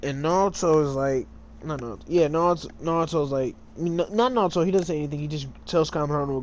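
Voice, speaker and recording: A man's voice: fairly high pitch, fast, a little hiss or hum. A man casually retelling a story while playing a game, full of fillers, often tripping over names and correcting himself. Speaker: gamer retelling a fan story.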